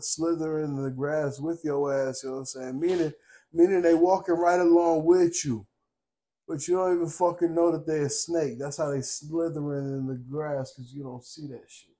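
A young man co-hosting a podcast, telling stories in a casual, profane, streetwise way and constantly asking "you know what I'm saying", getting loud and laughing when fired up. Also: mid-range voice. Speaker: podcast co-host. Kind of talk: casual chat.

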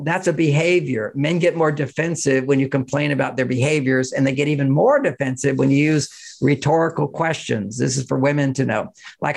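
In an interview, a married man talks through relationship advice, referencing his own marriage, chuckling frequently and explaining emphatically. He speaks a little fast in a mid-range, gravelly voice.

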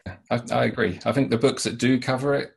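A man, a children's author, being interviewed and answering in a thoughtful, halting way. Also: mid-range voice, fairly even intonation, vocal fry, husky. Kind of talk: interview conversation.

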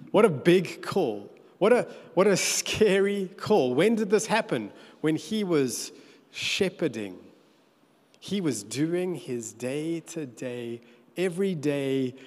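A man preaching a sermon, telling the story with animated, playful asides. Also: a little high. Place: church hall. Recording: echoey church hall.

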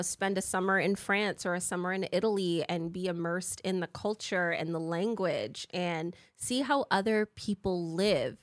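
A woman in her thirties chats on a podcast in a lively, candid way, peppering her stories with swearing and little impressions of the people she talks about. Her voice sits at an ordinary middle pitch. The sound is close and dry, with no room around it. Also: dry recording. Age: 30s. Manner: animated, swears freely, acts out quoted people. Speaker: podcast co-host. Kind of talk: casual chat. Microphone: podcast mic.

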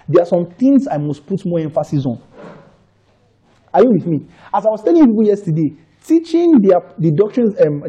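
A man's voice: high-pitched, mellow, husky, muffled recording. A man with a Nigerian accent preaching a conversational sermon, repeating phrases for emphasis and often checking that listeners are following. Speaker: pastor.

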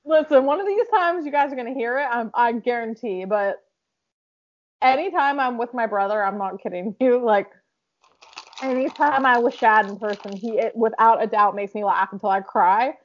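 A woman's voice: on the high side, moderate pace. A young woman chatting casually as co-host, telling stories in a bubbly way with lots of fillers. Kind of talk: casual chat. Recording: muffled lo-fi audio.

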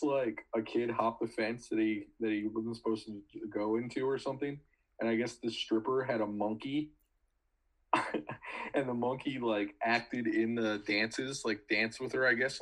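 A man's voice: medium pitch, steady tone, normal speed, fairly bright tone, poor audio. A young man who coaches and co-hosts a podcast, telling stories in an easygoing way and laughing often. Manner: easygoing, laughs often, laid-back storytelling. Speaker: podcast co-host, recruiting coach. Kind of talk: casual sports chat.

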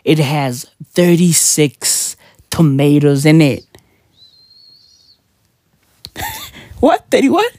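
Animated South African woman ranting. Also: deep voice, slow, dry recording. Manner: animated, swearing, slangy. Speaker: vlogger. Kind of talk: profane casual rant.

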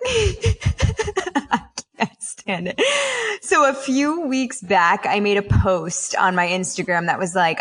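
A woman's voice: medium pitch, lively intonation, takes it slowly, a bit bright. A woman co-hosting a podcast in casual chat, bubbly and self-mocking, laughing often. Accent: non-standard, not named. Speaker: podcast co-host.

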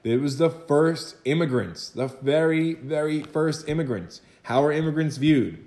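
A man's voice: on the high side, a little mellow, roomy sound. A man teaching a history lesson in a chatty, conversational way, full of rhetorical questions and asides to his students. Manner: chatty, rhetorical asides and quick acted quotes. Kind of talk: recorded lecture for students.

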